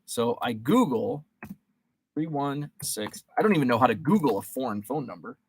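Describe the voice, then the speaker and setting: A man's voice: medium pitch, lively intonation, normal speed, a little hiss or hum. A man in his forties hosting a casual live-stream chat, rambling and joking with many fillers and restarts.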